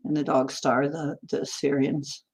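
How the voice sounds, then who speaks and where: A woman's voice: low voice, level tone, unhurried, a little mellow, slightly rough. A woman hosting a casual chat, rambling and giggling between puns and jokes.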